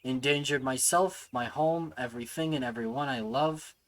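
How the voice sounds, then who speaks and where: A man's voice: medium pitch, normal speed, fairly bright tone, close to an everyday voice, rough recording. A man reading aloud and voicing a treacherous male guard from a game, who is nervous at first and sneering later. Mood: bitter. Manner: panicky yelps turning to bitter gloating.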